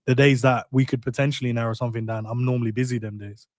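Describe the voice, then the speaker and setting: A man's voice: mid-range voice, steady tone, fast talker, no echo. Rambling man, dry close sound. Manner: rambling, restarts sentences, laughs often. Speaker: co-host of a football channel. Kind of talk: casual chat.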